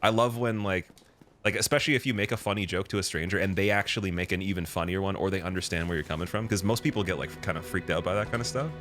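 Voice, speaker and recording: A man's voice: sits low, fast, a bit bright, soft background music. A young man streaming a game, chatting casually with a rambling, laughing manner. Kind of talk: casual live gameplay commentary.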